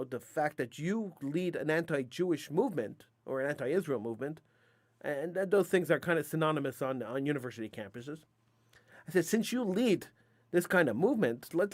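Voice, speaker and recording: A middle-aged man hosting a talk radio show, telling a story in an emphatic, animated way with frequent restarts. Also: fairly high pitch, dry recording, studio quality.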